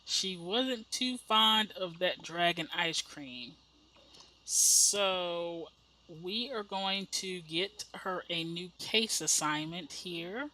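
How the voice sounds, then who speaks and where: Midwest lady rambling thru her sims game, bright voice, lots of like and quoting ppl. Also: lowish voice, extremely slow, a little hiss or hum, poor audio. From American Midwest. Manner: chatty, rambling storyteller acting out quoted people. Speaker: gameplay narrator. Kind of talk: casual chat while playing a life-sim game.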